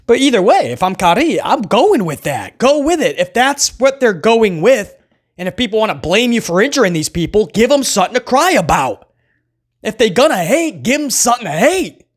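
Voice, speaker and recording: A man hosting a wrestling recap show, talking loosely and chattily to viewers and often tossing in "man". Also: sits high. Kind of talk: casual solo recap commentary.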